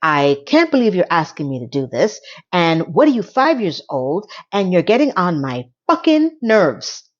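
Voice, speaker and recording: A woman's voice: on the low side, sing-song, normal speed, lo-fi sound. A woman voicing an uptight middle-aged wife with a strained, clipped, indignant way of talking. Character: tense middle-aged wife, stiff high voice.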